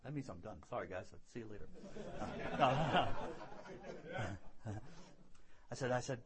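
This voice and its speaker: A man preaching a sermon and telling his own story earnestly, rising to loud emphasis and dropping to hushed lows, often repeating words as he builds. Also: rapid-fire, crowd noise. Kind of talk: sermon with personal testimony.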